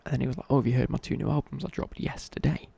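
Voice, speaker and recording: Young guy, whispered ASMR chat, raspy breathy whisper, loose and chatty. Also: mid-range voice, racing, warm tone. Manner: rambling, casual, many fillers and restarts. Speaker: ASMR creator.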